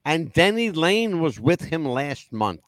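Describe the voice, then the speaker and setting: Animated swearing male chat show host. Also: a little high, unhurried, dry recording, studio quality. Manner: animated storyteller, swears freely. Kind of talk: casual chat show talk.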